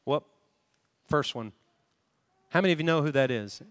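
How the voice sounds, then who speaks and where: A man with a high, light voice delivers a sermon through a handheld mic, earnestly putting questions to his congregation. His voice carries a long reverb tail from a large church hall. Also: expressive, normal speed. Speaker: preacher. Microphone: handheld microphone.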